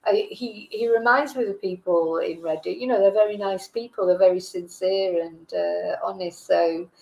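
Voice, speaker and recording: A middle-aged Englishwoman hosts a live stream, chatting casually and reading out viewer comments in a gravelly, darkish, medium-pitched voice at a moderate pace. She rambles and hesitates, using many fillers and self-corrections, and the recording is rough.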